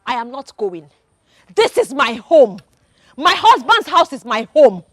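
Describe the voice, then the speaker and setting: A fiery, indignant wife. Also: female voice, high-pitched, sing-song, measured pace, no echo, studio quality, exaggerated voice. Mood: furious. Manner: indignant, scolding, repeats accusations. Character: proud, fiery young wife fiercely loyal to husband. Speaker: wife defending her husband. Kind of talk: film drama acting.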